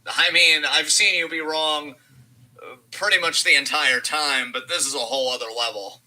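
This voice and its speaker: A man's voice: a little high, steady tone, normal speed, bright, forceful tone, low-quality recording. A man co-hosting a live wrestling reaction stream, doing sarcastic mock commentary and ironic hype. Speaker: co-host of a wrestling watch-along. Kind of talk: casual live reaction chat.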